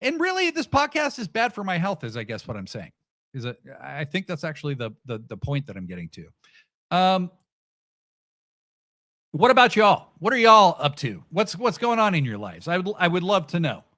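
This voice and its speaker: His voice sits high and swings hugely in pitch, bright and forceful at a normal pace, as the middle-aged podcast host chats sarcastically on a casual livestream and reads chat comments, full of fillers and restarts. The sound is clean studio audio with no echo.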